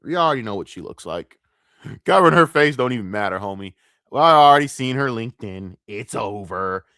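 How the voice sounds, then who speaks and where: A man's voice: mid-range voice, expressive, a little fast, sharp tone, no room sound, clean studio sound. A man ranting profanely and with exasperation on his commentary stream.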